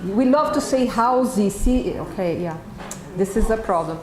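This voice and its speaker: A woman's voice: mid-range voice, lively intonation, normal speed. A Brazilian woman with a Brazilian Portuguese accent, a native Portuguese speaker, giving a live pronunciation workshop to teachers and checking in with "okay?" after each point. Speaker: teacher trainer presenting a workshop. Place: event room with an audience. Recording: echoey room with faint background noise.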